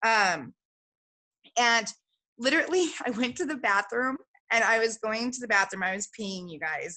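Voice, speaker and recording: Young woman, chatty storyteller, bright higher voice. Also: moderate pace, poor audio. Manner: excitable, chatty, acts out both sides of conversations. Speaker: guest sharing sales story. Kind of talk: casual storytelling to a team call.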